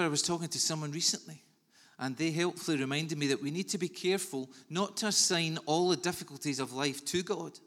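A man preaching a sermon in an earnest, measured way with soft pauses. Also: fairly high pitch. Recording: long reverb of a large hall.

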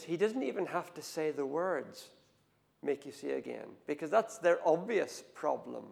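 Male preacher, gravelly and fairly high-pitched, animated sermon delivery, big hall echo. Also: moderate pace. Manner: animated storytelling, swings from hushed to loud. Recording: long hall reverb.

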